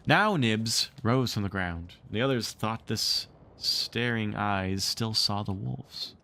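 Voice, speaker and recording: A man reading a storybook aloud on a stream and chatting casually, animated and playful. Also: fairly low pitch, slow, gravelly. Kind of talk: read-aloud narration and casual stream chat.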